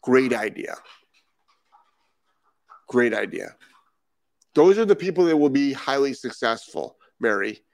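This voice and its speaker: Answering incoming comments on his dog-training stream, a man from Rhode Island speaks emphatically, repeating key points and using rhetorical questions. His voice is an ordinary male pitch yet swings widely, creaky and unhurried with frequent pauses. The sound is dry and close, without echo.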